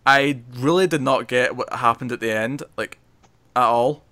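A man hosting a casual comic book review chat, talking in an animated, chatty way and often restarting his sentences. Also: medium pitch. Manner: animated, quick, chatty, trails off mid-sentence. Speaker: podcast host.

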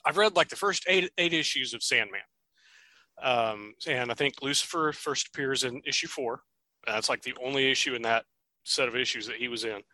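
A man co-hosting a casual podcast, chatty and quick to laugh, often restarting his sentences. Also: medium pitch, pushed and bright, dry recording. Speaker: podcast co-host. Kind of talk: casual chat.

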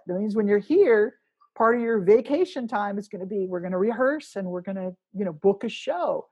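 A woman's voice: mid-range voice, expressive, a little fast, mellow, slightly rough. A woman musician talking casually in an interview, rambling with restarts as she thinks aloud. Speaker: musician guest.

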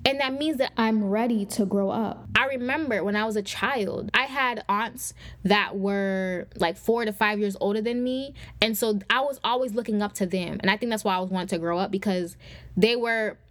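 A woman's voice: mid-range voice, moderate pace, a bit bright, no echo. A young adult woman hosting a faith-based podcast, teaching in a conversational, preacher-like way and speaking straight to her listeners. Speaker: podcast host.

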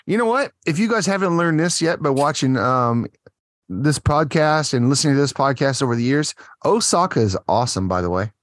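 A tipsy man co-hosts a podcast, swearing freely and rambling as he reads out news stories. His pitch sits a bit high and swings about with lively energy. The sound is close and dry, with no room around it. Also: brisk, no room sound. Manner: profane, rambling and animated. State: tipsy from drinking. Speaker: podcast co-host. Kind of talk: casual podcast banter, reading news stories.

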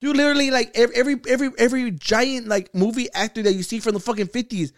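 A man's voice: extremely high pitch, steady tone, fast talker, no room sound, clean studio sound. A man co-hosting a casual podcast chat, blunt and heated, swearing often and restarting his sentences. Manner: frequent restarts and filler words. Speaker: podcast co-host.

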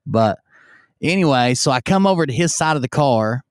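A man's voice: mid-range voice, expressive, moderate pace, no echo, studio quality. Profane, rambling man telling a story. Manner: rambling and profane, acts out yelled quotes. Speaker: streamer telling stories. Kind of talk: casual storytelling.

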